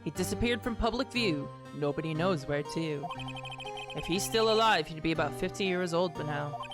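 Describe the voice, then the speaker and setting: A woman voicing a calm young male defense lawyer from a video game, reading his lines low and matter-of-fact. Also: normal speed, music in the background. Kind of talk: voicing game dialogue while streaming.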